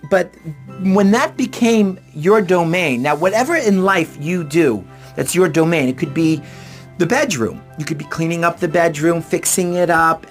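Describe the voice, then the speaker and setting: A middle-aged man and author, earnestly retelling personal anecdotes to explain a relationship idea. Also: on the high side. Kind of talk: personal storytelling and advice talk.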